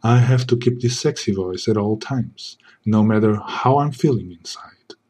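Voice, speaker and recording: A man playing a smug secret agent in a comedy sketch, keeping a low, smooth, deadpan voice. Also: normal speed. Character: suave smug male secret agent parody.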